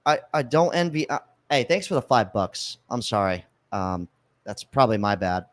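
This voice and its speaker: A male podcast host talking in a casual livestream chat, his pitch swinging widely as he rants. He swears freely and acts angry in fun. His voice sits at an average pitch for a man. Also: moderate pace. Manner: animated, profane, mock-angry.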